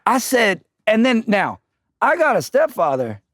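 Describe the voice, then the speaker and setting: A man with a high, very lively voice tells comedic stories as a guest in a chat. He is animated, laughs often, and acts out the people he quotes. The sound is close and dry. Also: a little slow, dry recording. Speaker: guest musician. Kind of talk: comedic storytelling in casual chat.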